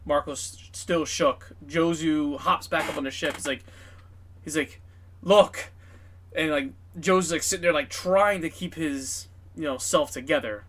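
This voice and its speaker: A man's voice: fairly high pitch, normal speed, fairly bright tone. A man narrating a tabletop game as game master, in a casual, filler-heavy, profane way.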